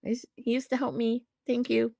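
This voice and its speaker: A woman's voice: on the high side, level tone, a little fast, creaky, mellow, no echo, clean studio sound. Profane, ranting woman podcaster. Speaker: podcast co-host. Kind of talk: casual wrestling chat.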